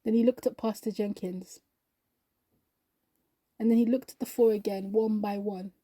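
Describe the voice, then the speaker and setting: A woman narrating a scripted story in a slow, measured reading voice. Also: mid-range voice, fairly even intonation, dark tone, dry recording.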